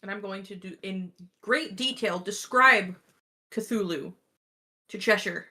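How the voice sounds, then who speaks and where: A woman's voice: mid-range voice, measured pace, sharp tone. A woman playing a tabletop game, blunt and joking with her group. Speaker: player.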